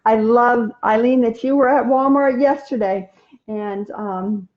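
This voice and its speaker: A woman's voice: a little high, steady tone, a little slow, muffled recording. A woman hosting a casual inspirational live stream, chatting and answering viewer comments with many ums and restarts.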